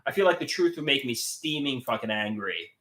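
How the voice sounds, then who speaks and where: A man's voice: mid-range voice, animated, brisk, fairly bright tone, roomy sound. A man livestreaming and talking about his artwork, agitated and swearing, often repeating himself and restarting his sentences. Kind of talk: casual livestream talk.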